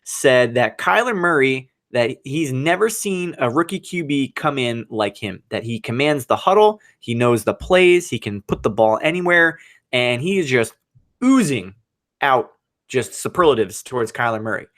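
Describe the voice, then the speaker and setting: A man co-hosting a casual sports podcast, talking football in an excitable, animated way and laughing often. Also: medium pitch, moderate pace.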